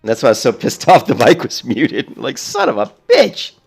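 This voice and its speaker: A man's voice: mid-range voice, wildly swooping pitch, normal speed, gravelly, breathy edge, faint music behind. A man streaming a video game, chatting casually in a rambling, profane way. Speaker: let's play streamer. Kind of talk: casual gaming commentary.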